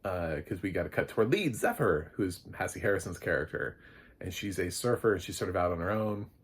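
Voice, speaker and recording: A man's voice: low voice, lively intonation, brisk, husky. A man giving a casual, rambling spoken film review, chatty with lots of fillers. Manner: rambling and chatty, with many fillers and light laughs.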